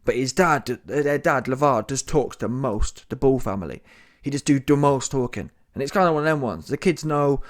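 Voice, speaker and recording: A man giving an exasperated, animated comedy rant about boxing, often repeating himself. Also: mid-range voice, moderate pace. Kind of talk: ranting reaction commentary.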